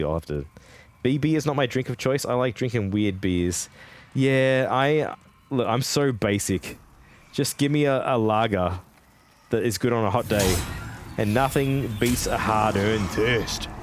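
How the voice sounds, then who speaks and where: An Australian man streaming a game, chatting casually with viewers, rambling, laughing often and swearing freely. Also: on the low side. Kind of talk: casual live-stream chat while gaming.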